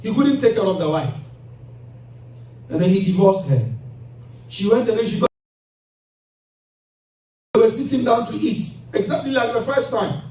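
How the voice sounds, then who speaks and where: A man's voice: high voice, animated, moderate pace, pauses often, warm tone. A man preaching a mosque sermon, telling moral stories and acting out the voices of the characters in them. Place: mosque hall. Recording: echoey hall recording from far off.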